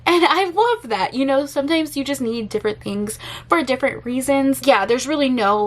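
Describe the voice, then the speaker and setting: A woman's voice: high-pitched, animated, moderate pace. A young woman vlogging as a book reviewer, chatty and gushing, with some casual swearing. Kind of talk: casual vlog chat. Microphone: camera.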